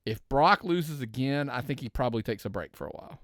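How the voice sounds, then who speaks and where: A man's voice: mid-range voice, lively intonation, fairly quick, a bit bright, dry recording, clean studio sound. A man co-hosting a podcast in casual chat. He often restarts his sentences while he works out his opinions. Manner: talks in restarts, working out opinions aloud. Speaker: podcast co-host.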